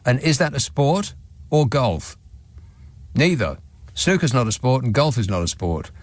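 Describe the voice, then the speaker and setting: A man's voice: medium pitch, very animated, unhurried, no echo. A man hosting a radio show, reading out listener messages with dry, sardonic asides from a studio microphone. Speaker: radio talk show host.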